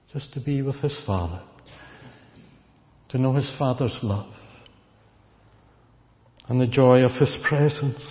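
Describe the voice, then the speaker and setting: A man preaching a sermon, slow and deliberate, repeating key words for weight. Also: mid-range voice. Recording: dull recording with long hall reverb.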